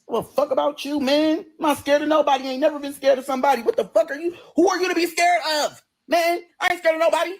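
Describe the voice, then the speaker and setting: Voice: high voice, steady tone, quick pace, hardly any pauses. A person ranting on a livestream in a combative, profane, sassy way, straight into a phone.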